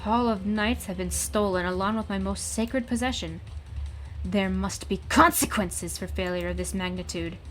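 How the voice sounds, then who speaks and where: A woman's voice: medium pitch, normal speed, a bit bright, natural voice, rough recording. A woman voicing a stern, proud male knight leader in a video game, speaking in a solemn, formal way.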